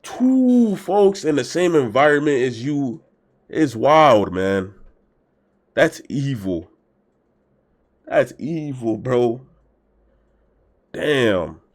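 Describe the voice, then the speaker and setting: A young man hosting a reaction video, talking in loud, emphatic slang and swinging between shouts and mutters. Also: medium pitch, big pitch swings, extremely slow, long pauses. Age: young adult. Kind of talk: casual reaction commentary.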